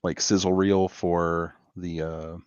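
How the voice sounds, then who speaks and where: A man's voice: sits low, flat delivery, slow, clear, resonant tone, dry recording, highs cut off. A man hosting a podcast, talking in a laid-back way with many fillers in casual chat. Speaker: podcast host.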